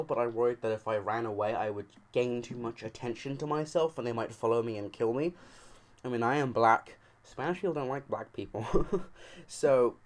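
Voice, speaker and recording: Joking, foul-mouthed man telling a story. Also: mid-range voice. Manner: joking, profane, acts out quoted lines. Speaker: storytime video creator. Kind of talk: casual storytelling.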